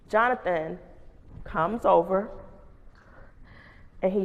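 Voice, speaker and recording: A woman principal giving a humorous storytelling keynote, animated and full of call-and-response asides to the audience. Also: fairly high pitch, unhurried, long pauses. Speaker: keynote speaker and school principal. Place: large conference hall. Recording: long reverb of a conference hall.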